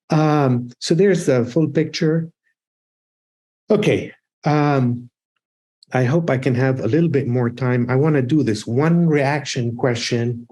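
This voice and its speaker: A man's voice: medium pitch, darkish tone. A man teaching an exam prep lecture, emphatic and repetitive as he drills key points. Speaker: architecture exam prep instructor.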